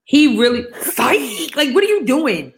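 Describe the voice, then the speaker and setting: A woman's voice: sits high, very animated, unhurried. A woman co-hosting a podcast in casual chat, emphatic and slangy, repeating her punchlines for effect. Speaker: podcast co-host.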